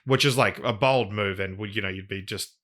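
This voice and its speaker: Lower-voiced man rambling through podcast anecdotes. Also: fairly bright tone. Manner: rambling, quick anecdotes with many restarts. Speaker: podcast co-host. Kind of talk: casual film review chat.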